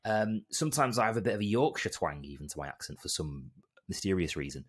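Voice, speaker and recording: Husky, lively Northern English man. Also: low voice, fast. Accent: softened Northern English, Bolton. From Bolton, England. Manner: animated, rambling, self-deprecating. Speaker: podcast co-host. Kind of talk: casual chat.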